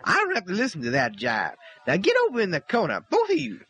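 A man's voice: huge pitch swings, quick pace, a bit bright, breathy edge, heavily acted. A man playing a boastful, bossy male burglar in an amateur comedy skit, swaggering and theatrical. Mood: threatening. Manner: swaggering, theatrical swings in pitch.

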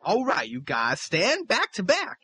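A man's voice: wildly swooping pitch, unhurried, pushed and bright, breathy edge, dry recording, exaggerated voice. A man playing a boastful, bossy male burglar in an amateur comedy skit, swaggering and theatrical. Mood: threatening. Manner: swaggering, theatrical swings in pitch.

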